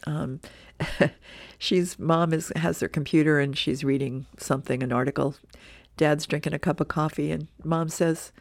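A woman volunteer reader reading the newspaper aloud for a radio reading service, relaxed and plain, with small self-corrections. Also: low voice, moderate pace, gravelly, no echo.

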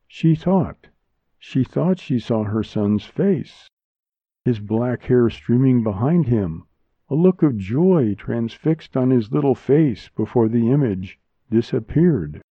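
A man narrating a short story as a volunteer reader, in a measured, hushed delivery recorded with a dull, lo-fi sound on a close mic. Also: mid-range voice, animated, slightly rough, no echo. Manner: slow, measured, hushed reading. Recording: dull lo-fi dry studio sound.

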